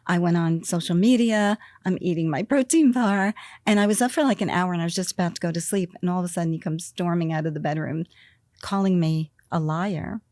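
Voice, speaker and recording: A woman's voice: fairly low pitch, no room sound. An older woman from the US East Coast, a podcast guest telling her story candidly and acting out what was said to her. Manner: animated, laughing, acts out quoted lines. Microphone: studio microphone.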